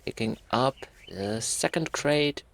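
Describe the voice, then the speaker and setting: A man giving let's play commentary on a horror game, thinking aloud in quiet asides and breaking into sudden swearing. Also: mid-range voice, expressive, takes it slowly, gravelly, dry recording. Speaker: gaming YouTuber.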